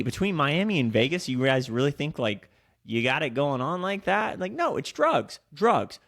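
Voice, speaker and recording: A man's voice: fairly high pitch, very animated, moderate pace, creaky, fairly bright tone. A young man co-hosting a podcast, telling stories in casual chat, swearing freely and acting out what people said. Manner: storytelling with lots of swearing and acted-out quotes. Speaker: podcast co-host.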